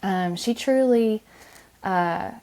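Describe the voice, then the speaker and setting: A woman in her thirties, a podcast guest speaking gently in conversation, with frequent ums and restarts. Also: mid-range voice, drawn-out words. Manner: soft-spoken, many ums and restarts. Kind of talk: conversational interview.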